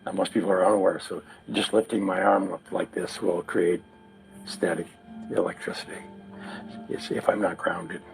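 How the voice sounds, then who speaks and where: A man's voice: low voice, little pitch movement, normal speed, gravelly, faint music behind, low-quality recording. A man being interviewed, explaining a technical idea step by step in a lecturing way. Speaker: interview guest.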